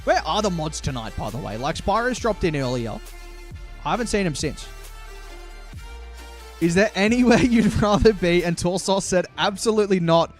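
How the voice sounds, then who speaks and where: A man's voice: high voice, lively intonation, moderate pace, pauses often, soft background music. A young man chatting with his live stream chat and commentating an online game in a playful, hyped way. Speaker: streamer and caster.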